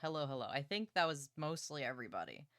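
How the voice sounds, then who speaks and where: A young woman livestreaming from her partner's home setup, chatting excitedly and playfully about books and swearing casually. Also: rumbling low, fast talker, dry recording, studio quality.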